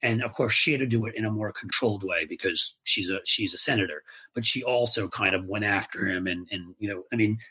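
A man's voice: on the low side, brisk, few pauses, pushed and bright, husky. A man co-hosting a podcast, chatting casually and animatedly, mocking people in put-on voices. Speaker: podcast co-host. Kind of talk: casual political chat.

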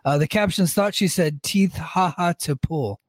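A man's voice: fairly high pitch, normal speed, husky, dry recording, studio quality. Laughing man recapping wrestling. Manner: laughs often, relaxed, swears. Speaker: podcast host recapping a show.

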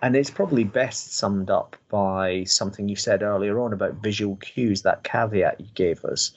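A man hosting an interview, thoughtfully summing up his guest's points in a measured way. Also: on the low side. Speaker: podcast host from a recruitment industry body. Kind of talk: conversational interview.

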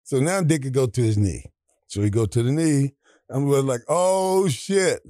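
A man in his sixties from Atlanta, Georgia, casually telling profane, animated stories as a guest and laughing as he acts out quotes. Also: medium pitch, normal speed, no echo, clean studio sound. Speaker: guest, retired football player. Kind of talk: casual storytelling.

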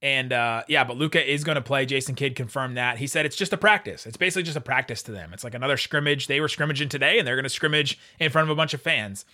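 A man hosting a casual sports podcast, chatty and quick to laugh, often restarting his sentences. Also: medium pitch, sharp tone. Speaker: podcast host.

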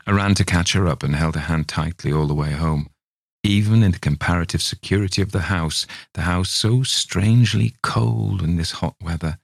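A man reading a ghost story aloud in a measured, dramatic manner. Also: sits low, gravelly, husky, no room sound, studio quality. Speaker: story reader.

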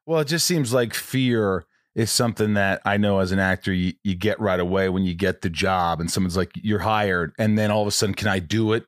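A male actor hosting a candid conversation, an animated storyteller who acts out what people said. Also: deep voice, brisk, hardly any pauses, no echo, studio quality. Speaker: actor host.

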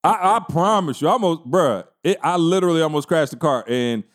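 A man co-hosting a casual podcast, telling a funny story with a lot of slang. His voice sits fairly high and swings up and down all over the place. He laughs often as he talks. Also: expressive, brisk. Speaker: podcast co-host.

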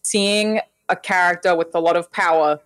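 A woman's voice: lowish voice, fairly even intonation, moderate pace, fairly bright tone, no room sound. A woman host in casual, enthusiastic chat, swearing freely. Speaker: podcast host.

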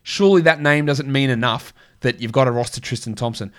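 A man with a crackly voice hosts a casual sports podcast at a middling pitch. He talks in a chatty, opinionated way and reels off numbers in quick lists. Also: a bit bright. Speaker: podcast host.

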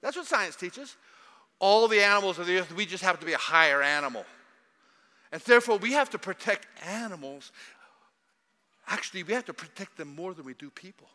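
A man preaching in a church, his voice high and very bright. He swings from hushed asides to loud, mocking jabs. The sound carries a long reverb from the church hall. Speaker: pastor. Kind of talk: sermon.

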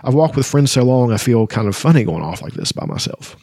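A man reading as a gruff dying old dwarf. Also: mid-range voice, very animated, fairly quick, mellow, no echo, clean studio sound. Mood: tender farewell. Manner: gruff, tender.

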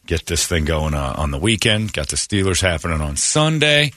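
A man's voice: low voice, big pitch swings, normal speed, fairly bright tone, slight background noise. A man hosting a morning radio show, ranting with sarcastic, opinionated jabs. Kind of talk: casual morning radio rant.

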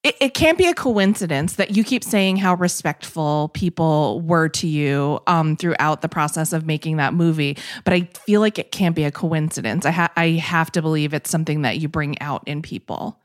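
A woman co-hosting a podcast, making a thoughtful, measured point to a guest. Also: sits low, no room sound, clean studio sound. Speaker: podcast co-host. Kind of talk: casual podcast chat.

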